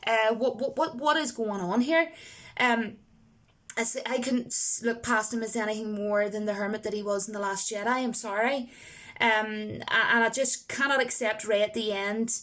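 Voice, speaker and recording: A woman's voice: mid-range voice, fairly even intonation, moderate pace, sharp tone. A woman giving a casual, rambling film review to camera. She talks emphatically and uses a lot of fillers.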